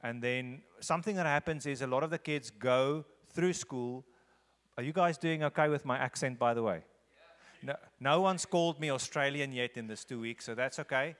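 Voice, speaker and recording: A man's voice: medium pitch, normal speed, a bit bright. Man in an echoey church. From South Africa. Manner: earnest, repeats phrases for emphasis. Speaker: visiting guest speaker. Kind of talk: conversational church talk leading into a sermon. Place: large church sanctuary.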